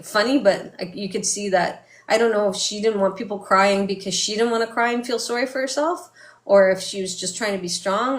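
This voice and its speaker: A middle-aged woman recounting a personal story for her vlog, her talk soft and halting and full of fillers and restarts. Her voice sits at an ordinary middle pitch. It rings in a roomy, echoey space. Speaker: vlogger. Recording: echoey room.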